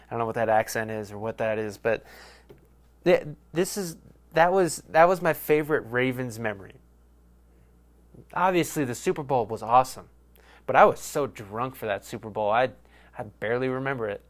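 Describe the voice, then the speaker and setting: A man's voice: medium pitch, moderate pace, long pauses, a bit bright. A young man hosting a sports podcast, rambling in a casual, profane and self-mocking way. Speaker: podcast host.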